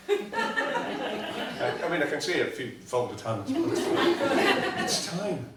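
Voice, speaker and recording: A woman comperes a comedy night, teasing the acts and urging the crowd to get louder. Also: lowish voice, huge pitch swings, very slow. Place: comedy club stage. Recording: echoey hall, far mic, loud crowd. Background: loud audience noise.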